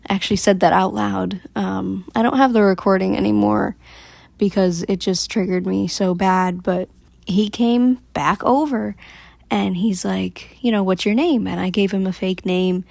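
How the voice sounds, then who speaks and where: A woman vlogger telling a story to camera in a chatty, animated way, laughing between lines. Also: medium pitch, normal speed, creaky, dry recording.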